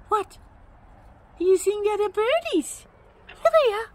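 A woman talking to her pet bird in high, sing-song baby talk, coaxing and scolding it at home. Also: expressive, measured pace, pauses often, darkish tone. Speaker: pet owner.

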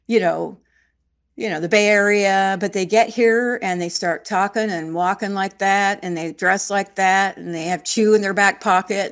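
A woman's voice: medium pitch, fairly bright tone. A woman in her sixties from Northern California, an interview guest talking in an emphatic, wry way and repeating phrases for stress. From Shasta County, California. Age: 60s. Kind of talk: conversational interview.

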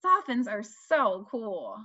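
A woman teaching young children, asking questions in a slow, sing-song way and stressing key words. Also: on the high side, huge pitch swings, sharp tone. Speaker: children's speech and language teacher. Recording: dull lo-fi dry recording.

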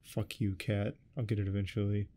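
Cursing bitter pony, voiced by a man, soft ASMR storybook read, low and dark. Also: flat delivery, moderate pace, close to an everyday voice. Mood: sullen. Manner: angry, defensive. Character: snappish profane male pony. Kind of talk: soft-spoken ASMR reading.

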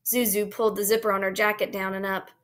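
A woman teacher reading a children's chapter book aloud to her class in a gentle, expressive way. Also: mid-range voice, quick pace.

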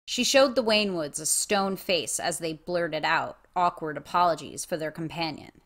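A woman narrating a fantasy chapter in a slow, expressive way. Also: sits low. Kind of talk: fan audiobook reading.

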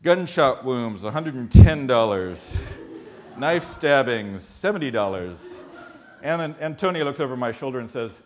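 An American man telling a comic expedition story on stage, animated and wry, with comic pauses. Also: mid-range voice. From United States.

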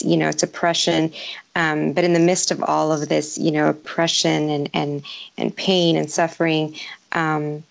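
A woman with a low, gravelly voice asks her questions in an interview, speaking haltingly and leaning on "you know" as she reflects. Her tone stays flat and even. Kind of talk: conversational interview.

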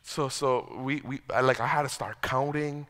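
A pastor delivers a sermon in a church sanctuary, his mid-range voice steady, fairly quick and a little bright. He's conversational and pokes fun at himself, frequently repeating words as a sentence begins. The long reverb of the church hall fills the recording.

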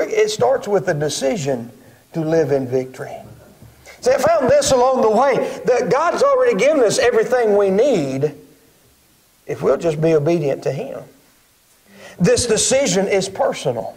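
A man, preaching a Sunday school lesson as pastor and slowing to read scripture aloud. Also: high-pitched, lively intonation, darkish tone, rough recording.

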